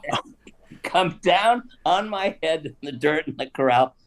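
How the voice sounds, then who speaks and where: A man's voice: a little high, unhurried. Older guy spinning a story on a live stream, laughing as he goes, super chatty. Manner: animated anecdote telling with laughs and asides. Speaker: guest actor telling stories.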